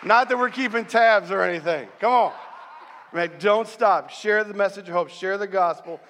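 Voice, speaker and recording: Middle-aged male pastor, high voice, lively storyteller, preaching in a big echoing church hall. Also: moderate pace, a faint crowd, slight background noise. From central New York, USA. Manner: animated storytelling, rallying the congregation. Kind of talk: sermon. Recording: long hall reverb.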